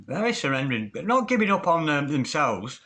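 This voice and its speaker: A man's voice: a little high, very animated, fairly quick, fairly bright tone. A man giving a tarot reading to camera, speaking intimately and calling the listener darling. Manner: intimate, calls the listener darling, dramatic asides. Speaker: tarot reader.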